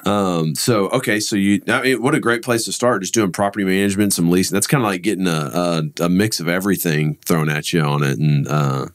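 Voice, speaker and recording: A man's voice: low-pitched, fairly quick, few pauses. A man hosting a casual interview, encouraging his guest with frequent short replies. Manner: encouraging, frequent "yeah" and "mm-hmm" backchannels. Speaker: interview host.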